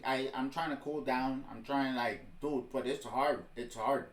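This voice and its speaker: A man's voice: medium pitch, a little slow. A man hosting a reaction video, ranting in heated, exasperated commentary and saying "bro" often. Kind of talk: ranting commentary over a clip. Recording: roomy echo.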